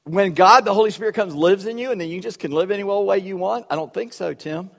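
A male pastor preaching a sermon in a church, animated and conversational, with humorous asides. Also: sits high, fast, creaky, big-room sound.

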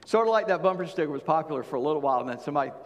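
A man's voice: on the high side, lively intonation, racing, big-room sound. A man preaching a sermon in a folksy, conversational way, with plain-spoken asides to his congregation. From Charleston, South Carolina. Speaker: pastor.

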